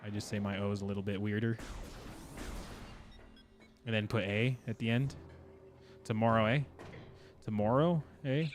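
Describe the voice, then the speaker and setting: This man's voice is fairly low with little pitch movement, at a normal speed broken by long pauses. He's streaming a game and chatting casually with viewers as he plays, rambling and often laughing.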